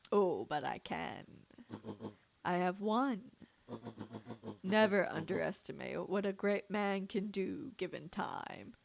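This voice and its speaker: A woman's voice: medium pitch, animated, gravelly, background noise. A woman voicing a scheming elderly male villain in a game playthrough, gloating and theatrical. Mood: menacing. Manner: slow, gloating, theatrical delivery. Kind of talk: video game voice acting on a playthrough.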